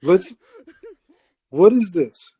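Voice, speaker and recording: A man hosting live radio, telling a story in a halting, exasperated way and scolding the person playing sound effects. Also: high-pitched, sing-song, warm tone, husky.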